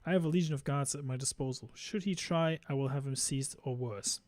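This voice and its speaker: A man's voice: medium pitch, a little fast, a little mellow, dry recording, lightly acted. A man voicing a haughty noble lady collector from a game, speaking with imperious disdain. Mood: scornful.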